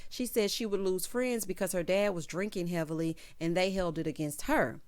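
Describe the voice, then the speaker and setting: A woman host with a lowish, darkish voice at normal speed gives a casual, sassy reality show recap, talking with features. She's chatty and keeps dropping "honey" and "child" asides.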